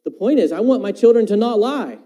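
A man delivers a sermon in a fairly high voice with a deeply mellow, dark tone. He talks earnestly, circling back on his phrases and posing rhetorical questions to his listeners. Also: expressive, a little fast. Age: adult parent. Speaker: preacher.

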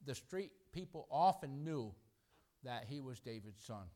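A middle-aged man delivers a sermon in a chatty, lively style, acting out quotations and chuckling between his points. His voice sits at a medium pitch and he speaks without hurry.

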